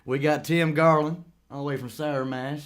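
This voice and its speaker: A man's voice: a little high, fairly even intonation, normal speed. A man hosting a radio show in a studio, chatting in a folksy, joking, rambling way. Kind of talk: casual radio chat. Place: recording studio.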